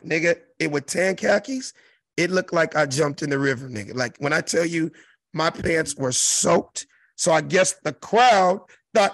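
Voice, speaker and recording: A man in his fifties from South Central Los Angeles, a comedian telling a profane, animated story in an interview and acting out the other voices. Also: high-pitched, normal speed, gravelly, dry recording. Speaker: comedian guest.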